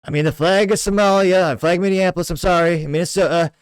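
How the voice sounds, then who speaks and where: A man putting on the voice of a brash, blustering older male politician who rants loudly. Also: high voice, steady tone, fast, clean tone, dry recording, voice pushed up, close to an everyday voice. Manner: loud boastful rant, rambling.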